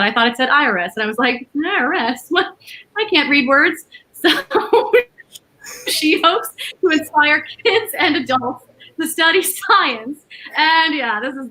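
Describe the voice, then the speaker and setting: A woman co-hosts an online cabaret with a high, bright voice. She rambles through her introductions and laughs at her own slips. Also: rough recording. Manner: giggly, rambling, self-mocking. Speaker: cabaret co-host. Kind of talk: upbeat live-stream hosting.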